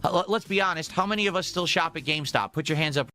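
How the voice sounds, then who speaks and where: A man on a live stream delivers a repetitive, self-assured rant. His voice sits a little high and comes out bright and forceful, pushing every point home. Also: racing, soft background music. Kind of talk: ranting stream monologue.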